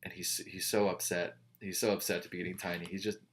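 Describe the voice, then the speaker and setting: A man's voice: low-pitched, flat delivery, fast, fairly bright tone, slight background noise. A man reviewing comic books in casual chat, rambling with wry, joking asides.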